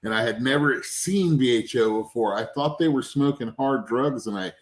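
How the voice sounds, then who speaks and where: A male guest with an ordinary middle-pitched voice swaps stories in a relaxed podcast chat. He talks casually and gets animated, dropping into quick impressions of the people in his tales. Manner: lively anecdotes, acts out quoted people. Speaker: guest, cannabis extract maker. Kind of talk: casual storytelling.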